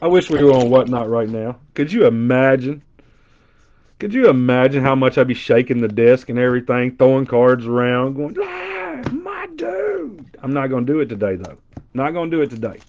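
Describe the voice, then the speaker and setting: A middle-aged card breaker with a Southern twang opens a box of trading cards during a casual live stream, joking and bantering with his chat and doing loud impressions. His mid-range voice is brisk, and the dull lo-fi stream audio carries slight background noise.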